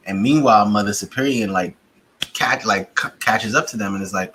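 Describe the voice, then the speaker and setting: A man co-hosting a casual review chat, retelling scenes in a lively way and jumping into high-pitched bursts when he acts out characters. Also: quick pace, a little hiss or hum, poor audio. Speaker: podcast co-host reviewing a TV series.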